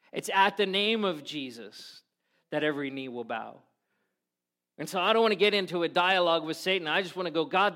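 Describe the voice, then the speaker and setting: A man preaching a sermon, earnestly quoting prayers and scripture, often dropping suddenly soft. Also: fairly high pitch. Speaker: pastor.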